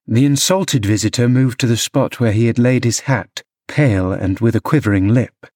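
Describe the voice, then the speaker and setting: A man narrating a classic novel as an audiobook, measured storytelling delivery. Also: mid-range voice, a little mellow, dry recording, clean studio sound. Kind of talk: scripted narration.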